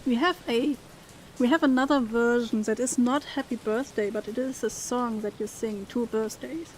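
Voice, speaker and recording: A woman's voice: fairly high pitch, normal speed, darkish tone, slight background noise. Woman reading game dialogue aloud. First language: German. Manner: reads dialogue expressively, then chats casually. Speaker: streamer. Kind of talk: let's play, reading game dialogue aloud and chatting with viewers.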